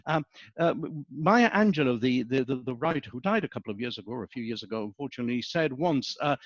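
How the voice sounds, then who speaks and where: A man's voice: mid-range voice, quick pace, no room sound, highs cut off. A middle-aged man, a business school professor giving a webinar lecture, telling anecdotes and often checking in with "okay?". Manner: anecdotal, animated storytelling with frequent "okay?" checks.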